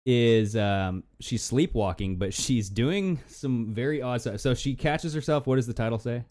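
A man's voice: medium pitch, animated, measured pace, darkish tone. A man with a mid-range voice co-hosts a podcast. He laughs easily and chats loosely, walking the others through a video. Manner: chatty, laughs often, narrates a clip. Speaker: podcast co-host. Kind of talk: casual chat.

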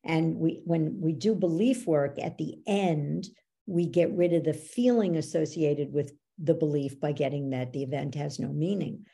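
Gravelly, husky woman coach. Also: sits low, moderate pace. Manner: animated storyteller, acts out quoted dialogue. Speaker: belief coach, podcast guest. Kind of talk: conversational teaching with anecdotes.

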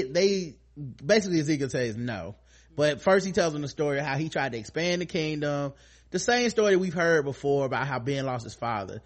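A man hosting a podcast, recapping a TV episode in casual, profane, animated storytelling. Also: on the high side. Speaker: podcast host.

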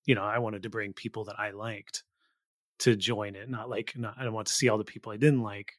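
A man's voice: fairly low pitch, steady tone, a little fast, a bit bright, dry recording, studio quality. A man from the Bay Area hosting a podcast, talking about music in an eager, earnest fan's way. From Bay Area, USA. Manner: eager, earnest fan talk. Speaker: podcast host. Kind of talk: casual interview chat.

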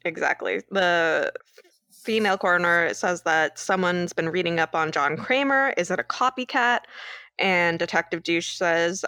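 Sarcastic, low-voiced Canadian woman. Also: a little slow, sharp tone, no room sound, clean studio sound. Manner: sarcastic, laughs often while recapping. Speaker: podcast co-host. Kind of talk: casual movie recap chat.

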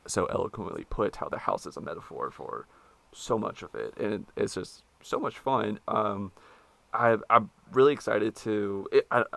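Low gravelly american guy hosting a podcast, loose and chatty, laughing a lot. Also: expressive, moderate pace, fairly bright tone. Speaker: podcast host. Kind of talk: casual podcast interview.

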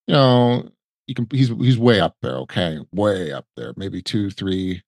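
A man's voice: low-pitched, lively intonation, a little slow, darkish tone, dry recording. A man as a podcast guest, chatting casually and rambling with many restarts. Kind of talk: casual conversational storytelling.

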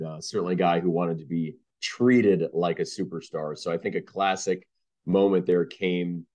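A man, a sportswriter guest, telling anecdotes and acting out the people he quotes. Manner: deep-voiced, animated, acts out quoted people. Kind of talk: anecdotal storytelling.

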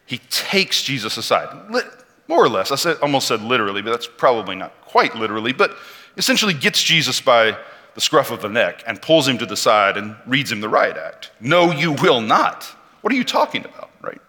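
A man preaching a sermon, telling a story in an animated way and acting out the quotes. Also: mid-range voice, brisk. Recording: long hall reverb.

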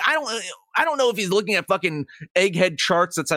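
A man's voice: high voice, sing-song, fast talker, hardly any pauses, pushed and bright, no room sound, studio quality. A man co-hosting a sports podcast, ranting with heavy swearing and sarcasm. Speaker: podcast co-host. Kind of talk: casual sports talk.

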